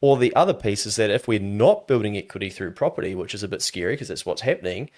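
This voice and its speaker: Animated New Zealand man, lowish voice. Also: quick pace. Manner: animated storyteller who acts out quoted voices. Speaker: business adviser guest. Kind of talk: casual podcast interview.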